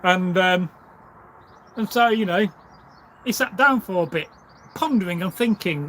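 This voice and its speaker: A man's voice: high voice, unhurried, long pauses, pushed and bright, a little hiss or hum. A man telling a folk tale casually on a livestream, rambling with asides and fillers. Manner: rambling, full of asides and "you know" fillers. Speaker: storyteller. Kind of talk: casual spoken storytelling on a livestream.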